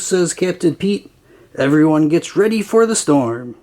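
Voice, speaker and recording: A reader narrating a children's picture book aloud in a slow, expressive, sing-song way. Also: medium pitch. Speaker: storybook reader.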